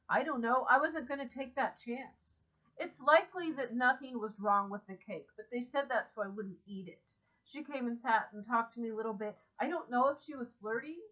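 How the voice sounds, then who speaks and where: Woman, casual vlog monologue, calm matter-of-fact storytelling, somewhat high voice, dull lo-fi recording. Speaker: vlogger. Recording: dull lo-fi sound.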